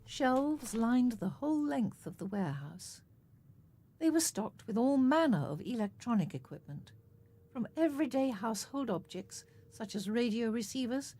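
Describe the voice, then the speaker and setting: Woman narrating with lively expression. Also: fairly high pitch. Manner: measured, expressive storytelling. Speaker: audiobook narrator. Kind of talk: scripted narration.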